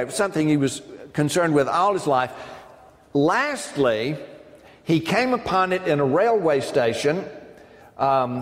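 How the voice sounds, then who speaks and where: A man giving an academic lecture to a live audience, discursive, with frequent ums and asides to his listeners. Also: on the high side. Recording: long reverb of a lecture hall.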